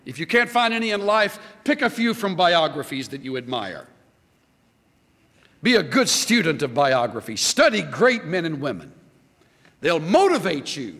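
A man preaching a sermon as pastor, emphatic and lively, quoting scripture. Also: fairly high pitch, long reverb tail.

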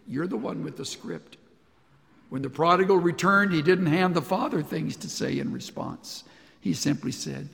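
A man preaching a sermon as pastor, earnest, dropping to soft hushed lines and rising to raised emphatic ones. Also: a little high, normal speed, gravelly, big-room sound.

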